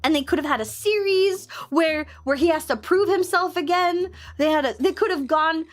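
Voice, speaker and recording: A young woman streamer chatting casually with her viewers, ranting in an animated, exaggerated way. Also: extremely high pitch, normal speed, soft background music. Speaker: VTuber streamer. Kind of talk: casual chat with live chat.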